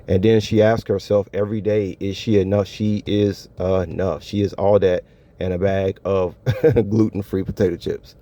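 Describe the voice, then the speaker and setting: A man's voice: low voice, level tone, normal speed, warm tone. A man talking casually to his viewers in a solo monologue, laid-back and slangy, often breaking into laughter. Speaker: vlogger. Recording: dull lo-fi audio.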